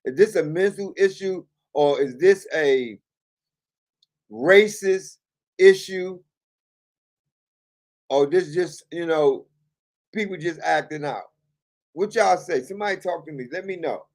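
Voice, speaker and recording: A man hosting a live stream in a loose, amused way, talking slowly and repeating his phrases. His voice sits a little high for a man, and he keeps breaking into laughter as he comments. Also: a little mellow. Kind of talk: casual commentary on viral clips.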